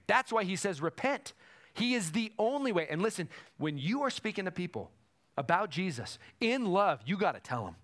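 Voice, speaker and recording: A man's voice: sits high, very animated, moderate pace, fairly bright tone. A male pastor preaching a sermon with emphatic, repetitive phrasing.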